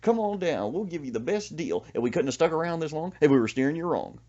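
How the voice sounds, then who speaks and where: A man voicing a corny country used-car dealer in a loud hard-sell commercial. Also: fairly high pitch, lively intonation, fast talker, lo-fi sound, voice pushed up.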